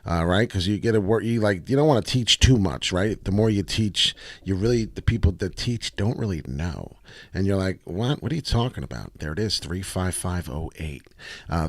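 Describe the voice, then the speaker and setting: A man's voice: deep voice, gravelly, dry recording. A man giving casual, brash live commentary on price charts, rambling and swearing freely. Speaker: crypto chart analyst streamer.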